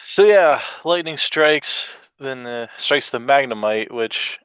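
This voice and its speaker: A man guests on a casual podcast and recaps scenes in a laid-back, rambling way. His voice is smooth and mid-pitched. It comes through a dull, lo-fi microphone in a dry space. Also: lively intonation, slow, fairly bright tone, dry recording. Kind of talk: casual chat.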